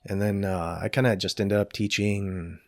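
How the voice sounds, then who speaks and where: A man's voice: fairly low pitch, steady tone, moderate pace, dry recording, studio quality. A middle-aged man chatting as a podcast guest, rambling with many fillers and jokey asides. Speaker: podcast guest, jiu-jitsu black belt. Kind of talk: casual interview chat.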